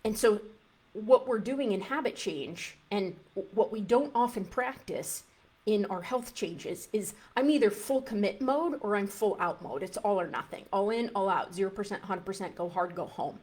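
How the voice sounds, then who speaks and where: A woman's voice: mid-range voice, moderate pace, a little mellow, breathy edge. A woman dietitian coaching a live group in a conversational way, often restarting phrases and acting out an inner voice.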